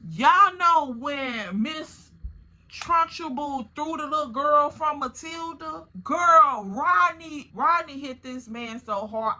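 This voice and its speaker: Woman storyteller, unhurried, high voice, animated, profane. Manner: animated, profane, talks straight to viewers. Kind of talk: casual storytime.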